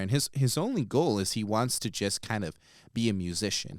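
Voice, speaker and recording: A man co-hosting a podcast, telling a story in a casual, animated way with plenty of "um" and "like". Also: lowish voice, clean tone, no room sound, studio quality. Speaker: podcast co-host.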